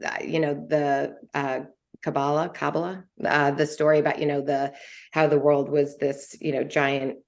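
A middle-aged woman co-hosting a book podcast, talking in an animated, emotional way with many restarts. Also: sits low, moderate pace, creaky. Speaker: book club podcast co-host. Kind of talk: casual book chat.

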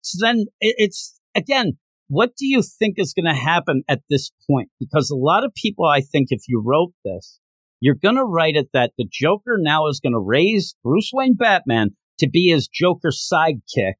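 A man's voice: on the high side, normal speed, husky, dry recording. A man hosting a podcast, casually recapping a comic and acting out its scenes as he goes. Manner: animated storyteller, acting out the scenes. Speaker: podcast host.

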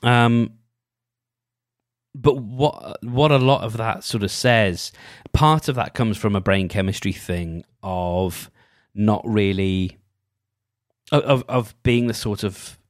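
A man's voice: on the low side, takes it slowly, no room sound, clean studio sound. A man talking alone in a casual, rambling monologue, often restarting his sentences and thinking aloud. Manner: rambling, full of restarts and "you know".

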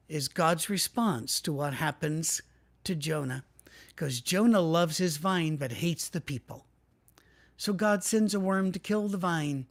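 A male pastor preaching in a relaxed, conversational way, acting out the people he quotes. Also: on the high side, vocal fry. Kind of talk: sermon.

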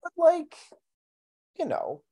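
A man co-hosting a podcast, chatting casually about a film in a relaxed, anecdotal way. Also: very high-pitched, slow. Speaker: podcast co-host.

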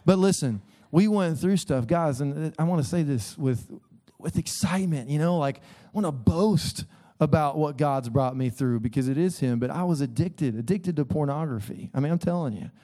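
A man's voice: on the high side, moderate pace, mellow. A man in his thirties preaching a sermon in a church, earnest and conversational, often calling on listeners to listen. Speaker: pastor. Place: church sanctuary.

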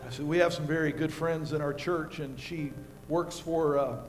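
An older American man preaching a sermon as pastor, telling folksy stories with props and swinging between quiet and loud. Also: on the high side, steady tone, normal speed.

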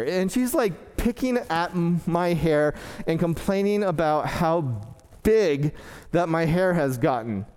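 A man's voice: on the high side, expressive, slow pace, a little mellow, clean tone. A man preaching a sermon through a clip-on mic, telling a personal story with frequent stammering restarts. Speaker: pastor. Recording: long hall reverb.

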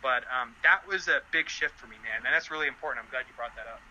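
A young man telling a story as a podcast guest, animated and laughing often. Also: fast, slight background noise, low-quality recording. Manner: animated, laughing often, voice jumping high in quotes. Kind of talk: casual storytelling chat.

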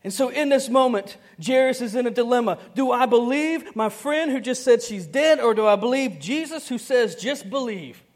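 A man preaching a sermon to a congregation, conversational and animated. He acts out dialogue, with sudden swings between soft and loud, and chuckles often. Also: very high voice, moderate pace, hardly any pauses. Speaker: pastor.

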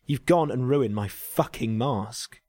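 A man voicing a drunk, aggressive young man who shouts taunts in a strained, high, put-on American accent. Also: slow pace, no room sound. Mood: angry.

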